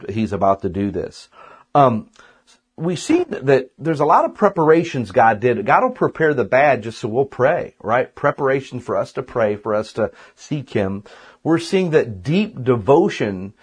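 A man's voice: lowish voice, breathy edge. A man teaching a casual sermon on a Bible passage, chatty and conversational, often tossing in "man" and "right?". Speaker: preacher.

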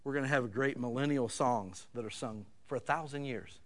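A man preaching a sermon in a folksy, conversational way, swinging between loud emphatic bursts and quiet asides. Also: medium pitch, moderate pace. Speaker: pastor.

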